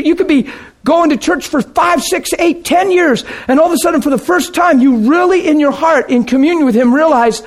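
A man preaching a sermon and telling his own conversion story, emphatic and dramatic, dropping to a hush and then shouting. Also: extremely high pitch. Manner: emphatic, dramatic, swings between hushed and shouting. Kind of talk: sermon with personal testimony.

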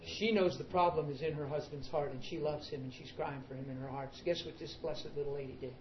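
A man preaching a sermon in an emphatic, animated way, calling out to the congregation. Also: fairly high pitch, fast talker, reverberant, dull audio, noisy background.

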